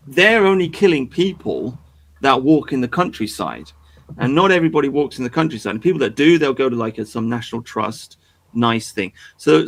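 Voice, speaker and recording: A young man co-hosting a stream, chatting casually, rambling, repeating himself and swearing a lot. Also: on the high side. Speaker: stream co-host. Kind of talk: casual chat.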